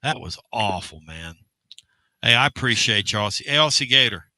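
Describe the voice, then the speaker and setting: A man's voice: fairly low pitch, lively intonation, moderate pace, pushed and bright, dry recording. A man hosting a sports talk radio show, teasing and folksy. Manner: folksy, teasing, uses man and goodness gracious. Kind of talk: casual sports radio banter.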